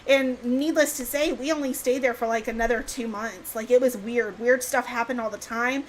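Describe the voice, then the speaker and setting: A woman's voice: a little high, moderate pace, a little hiss or hum, low-quality recording. A young woman, a podcast host animatedly telling a scary story in casual chat. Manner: animated, excitable, swears mildly.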